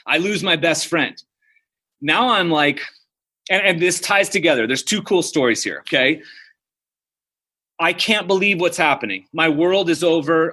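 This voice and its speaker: A man's voice: on the high side, pushed and bright. A man in his thirties, a podcast guest telling personal stories in a casual way, full of "like" and "dude". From United States. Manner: casual, storytelling, uses "dude" and "like" often. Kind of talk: podcast interview.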